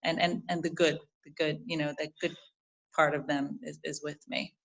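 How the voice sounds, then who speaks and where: Brooklyn woman, New York accent, lowish voice, animated storyteller, guest interview. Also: normal speed, gravelly, dull audio. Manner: animated storytelling, frequent restarts. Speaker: guest, jewelry designer. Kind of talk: casual interview.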